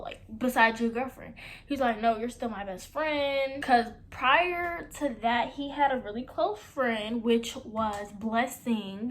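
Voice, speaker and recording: Young woman vlogger, kinda high voice, chatty storytime, acts out the convo with gasps and little whispers. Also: fairly bright tone, slight background noise. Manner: chatty, quoting both sides of conversations; dramatic gasps and whispered asides. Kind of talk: casual storytime.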